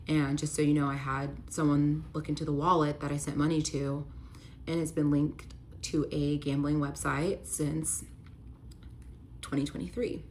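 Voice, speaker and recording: A young woman with a low voice tells a personal story in a candid, confessional way, growing emotional as she goes. A faint hiss of noise sits under her voice.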